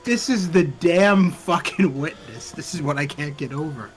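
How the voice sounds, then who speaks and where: A man hosting a let's play, commentating in an excitable way, laughing and swearing. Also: a little high, normal speed, faint music behind. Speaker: host.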